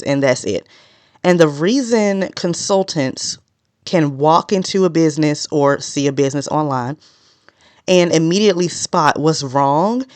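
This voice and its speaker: A woman delivers a solo podcast monologue in a smooth, clear voice, recorded close and dry. She talks straight to her audience without sugarcoating. She deliberately keeps her pace measured even though she naturally tends to speak fast. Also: low-pitched, dry recording. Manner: direct and no-nonsense, consciously slowing a naturally fast delivery. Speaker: podcast host.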